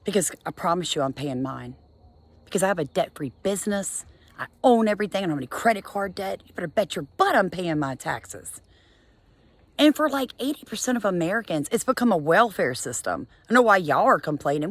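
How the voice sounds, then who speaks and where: A woman's voice: big pitch swings, brisk, fairly bright tone, dry recording. A middle-aged woman, delivering an exasperated, emphatic scolding monologue to her viewers. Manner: scolding, exasperated, emphatic with sudden high bursts. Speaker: homesteading vlogger. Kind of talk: impassioned monologue to camera.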